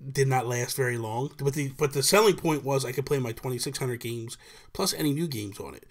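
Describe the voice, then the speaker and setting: Man telling a childhood story. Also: medium pitch. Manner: animated storyteller acting out quotes, many fillers. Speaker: podcast guest. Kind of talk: casual storytelling.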